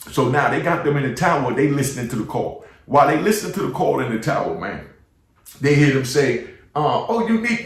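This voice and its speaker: A middle-aged man with a New York accent tells his story in loose street slang and keeps checking in with the listener. He sits some way back from the mic. The room around him rings with heavy echo. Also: mid-range voice. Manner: street slang, repeats "you know what I mean". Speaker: former inmate storyteller. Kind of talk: casual storytelling monologue. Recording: echoey room, mic at a distance.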